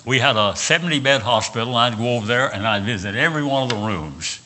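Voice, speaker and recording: Bright-voiced older West Virginian preacher. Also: male voice, mid-range voice, animated, fast talker, slight background noise. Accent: Southern US, West Virginian. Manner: folksy storytelling with frequent uh and repeated words. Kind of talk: sermon with personal stories.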